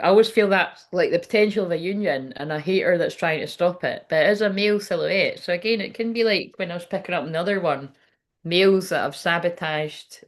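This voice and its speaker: A woman with a fairly low voice talks through a tarot reading in a loose, casual way. She swears freely, laughs often and breaks off mid-thought. Her manner is chatty and unpolished. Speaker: tarot reader.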